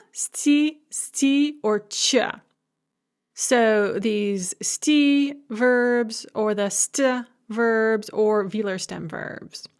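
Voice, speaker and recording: A woman teaching a recorded language lecture, explaining grammar methodically and carefully pronouncing example words. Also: on the high side. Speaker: Russian language instructor.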